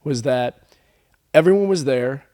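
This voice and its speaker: A man's voice: mid-range voice, measured pace. A man, a podcast guest, casually telling stories and acting out quoted conversations. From California. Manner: animated storyteller acting out quoted exchanges. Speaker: podcast guest, wine label owner. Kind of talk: casual storytelling chat.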